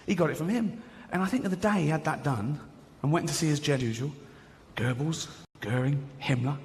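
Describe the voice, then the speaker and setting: A middle-aged man from England performs stand-up on a large theatre stage, mocking and conversational, often stammering and restarting his lines. His voice is on the high side and fairly quick, with slight background noise. The live hall is loud with crowd laughter.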